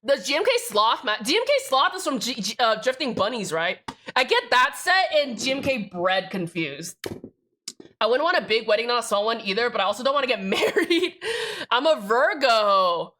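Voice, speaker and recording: A young woman talks casually through a livestream, her voice sitting a little high and sounding bright and forceful. She rambles, breaks off mid-sentence and swears freely as she answers her chat. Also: sing-song, normal speed. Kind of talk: casual livestream chat while building a keyboard.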